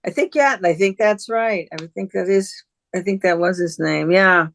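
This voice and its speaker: A woman's voice: on the low side, normal speed, vocal fry, a bit bright, dry recording, clean studio sound. A woman artist, a podcast guest, chatting casually and recalling old times with a friend. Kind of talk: casual conversational interview.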